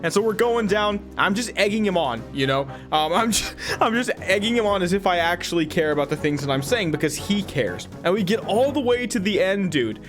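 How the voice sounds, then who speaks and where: A young man giving rambling, animated gameplay commentary as a YouTuber, talking straight to his viewers. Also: high-pitched, fairly quick, music in the background. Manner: animated, rambling, addresses viewers as guys and dude. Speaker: gaming YouTuber.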